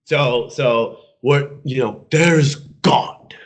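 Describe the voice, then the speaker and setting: A man's voice: mid-range voice, very slow. A young man co-hosting a podcast, telling jokes in casual chat and laughing along as he goes. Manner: animated storyteller who laughs at his own jokes. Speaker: podcast co-host.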